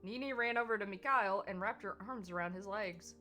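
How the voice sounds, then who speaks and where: An American woman streamer reading a visual novel aloud, voicing its lines softly and laughing easily. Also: medium pitch, soft background music. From United States. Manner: reads characters softly, quick to laugh.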